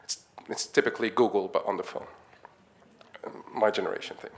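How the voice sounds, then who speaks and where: A man's voice: lowish voice, fairly even intonation, a little fast. A man from Egypt, giving a conference talk and telling stories in a chatty way. He chuckles often and acts out the dialogue he quotes. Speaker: conference speaker, nonprofit founder. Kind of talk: conference talk, anecdotal storytelling.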